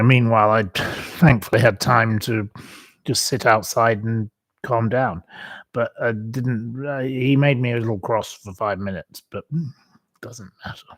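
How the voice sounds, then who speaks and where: A man's voice: fairly low pitch, no echo. A man hosting a casual livestream, rambling and chatty with many ums and asides. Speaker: host.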